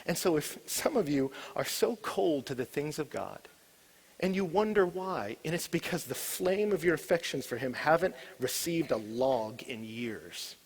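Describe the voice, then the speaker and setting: A man preaches an animated, storytelling sermon, moving between loud, excited bursts and hushed, intense low passages. His delivery is a little slow and his voice slightly rough.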